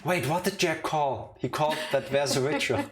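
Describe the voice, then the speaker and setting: A man's voice: a little high, expressive, moderate pace, faint music behind. A man who learned English as a second language, co-hosting a let's play with casual, joking gaming chat. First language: not English. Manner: joking, teasing.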